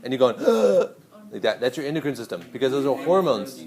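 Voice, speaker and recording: Guy teaching a class, animated and hands-on, talking right to the students, roomy echo. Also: mid-range voice, very fast. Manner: lively, hands-on, speaks directly to students. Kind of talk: classroom lecture.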